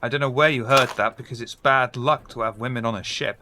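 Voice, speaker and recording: A man's voice: mid-range voice, steady tone, brisk, noisy background. A man running a tabletop game as game master, narrating playfully and full of double meanings.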